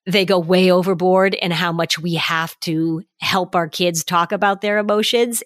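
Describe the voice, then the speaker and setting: A woman's voice: lowish voice, no echo, studio quality. A middle-aged woman, a parenting expert, explaining in casual podcast talk and acting out what parents say. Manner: warm explanatory, acts out parent quotes.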